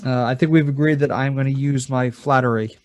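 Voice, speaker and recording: A man's voice: medium pitch, fairly even intonation, brisk. A man playing a tabletop game, casual and joking, with hesitant stops. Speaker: player.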